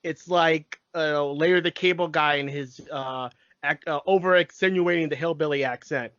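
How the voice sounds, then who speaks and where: A man co-hosts a podcast in relaxed conversation, keeping the discussion moving. His voice is a touch high. The sound is dry and dull, with a lo-fi quality. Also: normal speed, no echo. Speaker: podcast co-host. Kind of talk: casual chat. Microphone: home microphone, remote call.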